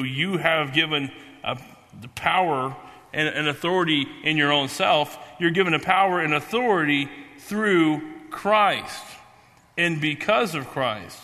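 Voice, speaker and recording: A man preaching a sermon, halting and repeating himself, then slowing down to stress key words. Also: a little high, bright, forceful tone. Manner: halting, repeats and restarts phrases. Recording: long hall reverb.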